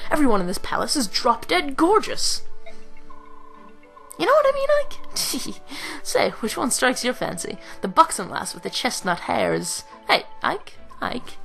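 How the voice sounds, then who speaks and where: Brief: boisterous lecherous male mercenary, voiced by a woman, a gravelly swagger. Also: on the high side, big pitch swings, measured pace, fairly bright tone, faint music behind, pitched above the performer's own voice, heavily acted. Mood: leering. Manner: boisterous, leering.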